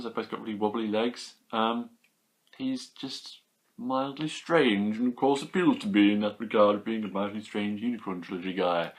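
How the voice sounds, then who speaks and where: A young British man chatting casually about his toy haul, enthusiastic and rambling, with quick asides. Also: on the low side. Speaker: toy collector vlogger. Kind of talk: casual chat.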